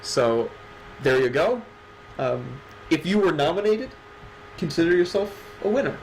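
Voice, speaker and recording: A man's voice: a little high, expressive, unhurried, a little hiss or hum, rough recording. A man co-hosting a livestreamed awards show, chatting casually with sarcastic jokes and casual swearing. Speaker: stream co-host. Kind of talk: casual stream chat.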